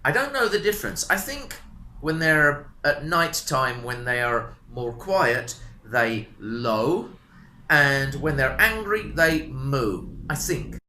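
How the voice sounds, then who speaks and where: A man teaching a beginner English lesson, taking his time and repeating each word. His pitch swings up and down with a lot of life, and his voice is bright. It is recorded in a roomy, echoey space. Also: a little hiss or hum. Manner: slow, repetitive teaching, animated intonation. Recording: roomy echo.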